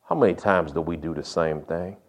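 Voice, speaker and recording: A man's voice: low-pitched, fairly quick. A man preaching a sermon, telling stories in a folksy, humorous way. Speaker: pastor.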